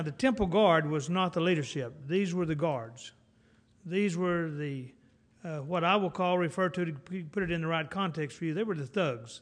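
A man preaching a sermon in a folksy, conversational way, acting out the dialogue of the people in the scripture. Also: a little high.

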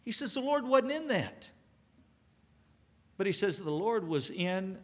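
A man preaching a sermon, swinging from loud emphasis to hushed tones and repeating words when stirred. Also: sits high, big pitch swings, measured pace, long pauses.

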